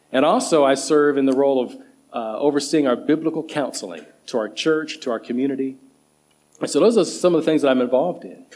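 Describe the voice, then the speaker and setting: A middle-aged man preaching a sermon as associate pastor, leaning hard on single words. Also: a little mellow. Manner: emphatic, stresses single words with rising pitch. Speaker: associate pastor and children's director.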